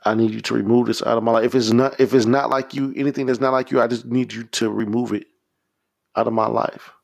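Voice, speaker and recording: A man's voice: mid-range voice, fairly even intonation, quick pace, creaky. A man preaching a podcast sermon, leading prayers in a fervent, repetitive, exhorting way.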